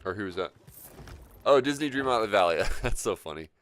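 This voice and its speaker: Male game streamer, low pitch, casual rambling chat with frequent laughs, faint noise behind. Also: lively intonation, fairly quick, a bit bright. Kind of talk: live gameplay commentary and chat.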